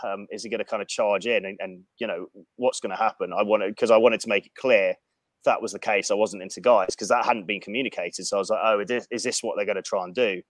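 A man spins a frank, profanity-laced story in a relaxed conversational way. His voice sits on the low side and the recording is dry and close, with no room sound around him. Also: fast talker, dry recording. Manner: profane, animated anecdote-telling. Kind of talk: casual storytelling.

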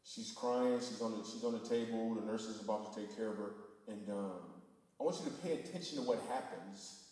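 A man, a father, casually telling a story in a relaxed, conversational way. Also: lowish voice, a little fast, very echoey, in a large hall, distant mic, poor audio.

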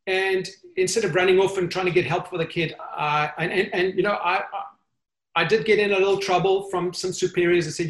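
An earnest man talks as an interview guest, stumbling and restarting as he gathers his thoughts. His voice sits slightly high and carries a roomy echo. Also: steady tone. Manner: earnest, halting with frequent restarts. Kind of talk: conversational interview.

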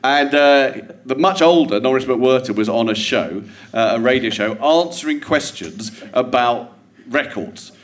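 A man's voice: medium pitch, measured pace. Man, English accent, middle-aged, comedian, stage anecdote, acts out quotes, live theatre audience. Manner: animated storyteller who acts out quotes, builds to punchlines. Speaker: comedian guest.

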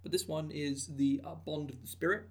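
Co-hosting a relaxed podcast about tabletop games, this man speaks fairly quickly in a fairly high, fairly level voice. He meanders, piling on fillers and restarting sentences often.

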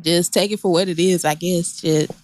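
A woman's voice: fairly low pitch, steady tone, normal speed, a little mellow. A woman co-hosting a casual podcast, teasing and cursing freely and laughing often. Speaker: podcast co-host.

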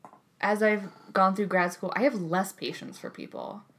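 A woman's voice: mid-range voice, normal speed. A young woman in her twenties, a graduate student, chatting casually and animatedly, swearing freely. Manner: animated, acts out voices in quotes, swears freely. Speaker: podcast co-host, grad student. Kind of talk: casual chat.

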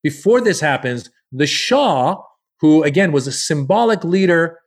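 A slightly high-voiced man tells a story in a relaxed podcast conversation. He is animated and often slips into the voices of the people he quotes. His speech is loose and peppered with swearing. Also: a little slow. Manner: profane, loose. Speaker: comedian guest.

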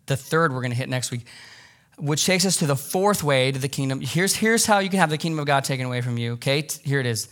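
A man pastor preaching a sermon, animated, acting out quoted voices and repeating for emphasis. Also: mid-range voice, fast talker.

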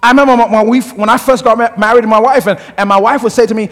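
A middle-aged man from Africa, a pastor preaching a sermon with humorous, animated storytelling. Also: extremely high pitch, quick pace. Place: church sanctuary. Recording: long church hall reverb.

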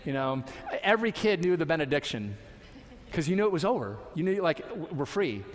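A man preaching a sermon as a pastor, conversational, with lively asides and acted quotes. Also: fairly high pitch, a little fast, long reverb tail. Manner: conversational, warm asides, playful voices for quotes.

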